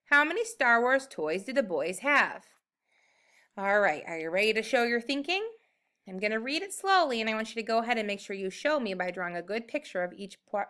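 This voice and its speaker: Young woman teacher, high and bright, encouraging and slow for young kids. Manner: upbeat, encouraging, slow and clear. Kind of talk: recorded math lesson for young children.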